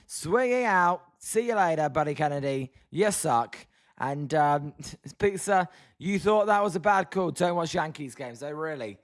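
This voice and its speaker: A hoarse British man hosting a casual baseball watch-along stream, reading chat and grumbling about his team. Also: high-pitched, expressive, unhurried. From Britain. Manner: chatty, reads chat names, groans at the team. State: hoarse, voice tiring. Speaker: livestream host.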